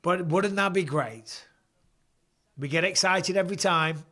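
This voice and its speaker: A middle-aged man with a northern English accent, hosting a live watchalong and chatting casually with viewers, blunt and quick to swear. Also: high voice, sharp tone. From England. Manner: casual and blunt, swears freely, reads viewer questions aloud. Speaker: host.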